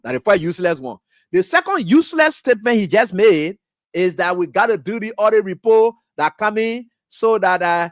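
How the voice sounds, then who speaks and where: A man's voice: sits high, no room sound, studio quality. A man with a Liberian English accent hosting a political talk radio show, scolding and firing rhetorical questions straight at the president. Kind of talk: fiery political commentary.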